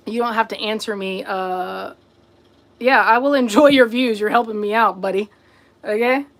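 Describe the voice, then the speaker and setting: A woman hosting a casual livestream, answering viewer comments and scolding rude ones. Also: fairly high pitch. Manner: sassy, confronting chat commenters directly; talks to viewers as y'all and buddy. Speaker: livestream host.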